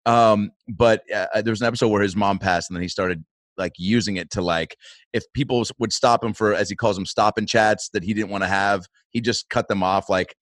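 A low-voiced man hosting a podcast with a jokey, quick manner. His voice is close and dry. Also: fairly even intonation, a bit bright, no room sound. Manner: jokey, quick reactions and playful bits. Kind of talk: casual podcast chat.

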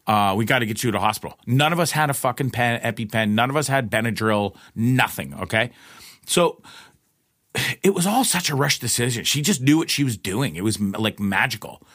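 A man telling a personal story in casual, profane speech, with lots of restarts and an animated delivery. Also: moderate pace, dry recording, clean studio sound. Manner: profane, rambling, restarts often; animated retelling, pitch jumps in quoted lines.

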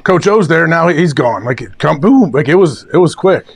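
A man's voice: on the high side, expressive, moderate pace, gravelly, slightly rough. A man speaking as a guest analyst on a sports talk show, offhand and easygoing. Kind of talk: casual sports chat.

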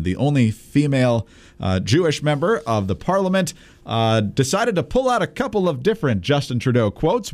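Brief: male co-host, dry and sarcastic, medium voice. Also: medium pitch. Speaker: podcast co-host. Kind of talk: casual political commentary.

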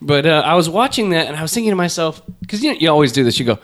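A man's voice: fairly high pitch, big pitch swings, rapid-fire, few pauses. A man hosting a podcast in casual chat, rambling and joking with many fillers. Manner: rambling, jokey, lots of fillers. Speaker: podcast host.

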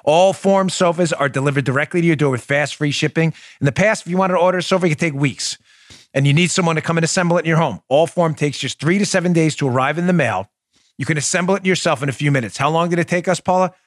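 A man's voice: a little high, fast talker, no room sound, clean studio sound. A man hosting a political talk show, talking in an emphatic, punchy, conversational way and reading ads. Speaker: host.

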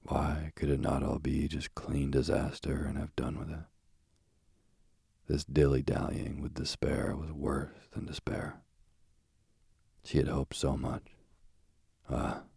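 A man narrating a literary audiobook in a measured, solemn reading. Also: extremely low pitch, flat delivery, vocal fry, dark tone, slightly rough, dry recording, studio quality.

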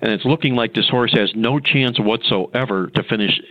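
A man's voice: medium pitch, normal speed, no room sound, narrow, tinny audio. A man telling a gambling story in a folksy, anecdotal way as a guest. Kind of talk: casual anecdote.

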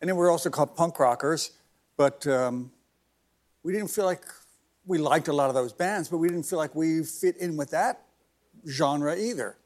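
An older man, a band's singer on a talk show, answering in a hesitant, soft-spoken, dry way. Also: on the high side, moderate pace. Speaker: singer, band guest.

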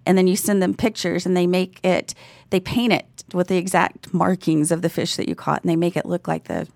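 Texan woman cohosting a podcast, gravelly raspy voice, dry close sound, chatty and laughing a lot. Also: on the low side, fairly even intonation, a little fast, a little mellow, no room sound. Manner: chatty storyteller, laughs often. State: raspy from recent illness. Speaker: podcast co-host. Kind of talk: casual chat.

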